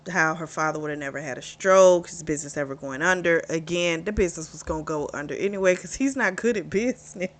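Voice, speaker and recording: A woman's voice: lowish voice, pushed and bright. A woman casually recapping a romance novel's plot as a book reviewer, chatty and candid, with free swearing.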